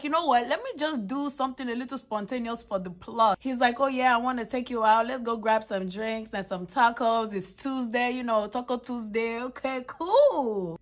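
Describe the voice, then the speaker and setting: Chatty woman telling a dating story. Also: mid-range voice. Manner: chatty, emphatic aside-filled retelling. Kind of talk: casual storytime.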